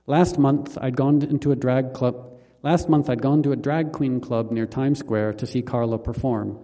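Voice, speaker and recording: A man reading his own memoir aloud in a calm, measured, wry manner. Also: medium pitch, big-room sound. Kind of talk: memoir audiobook narration.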